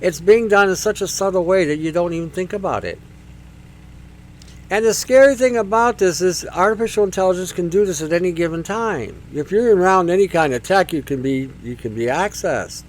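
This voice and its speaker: A man's voice: sits high, fairly quick, a little hiss or hum. A man hosting a talk show, speaking in a rambling, emphatic monologue that circles back on itself. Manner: rambling, emphatic, repeats himself. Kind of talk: casual monologue.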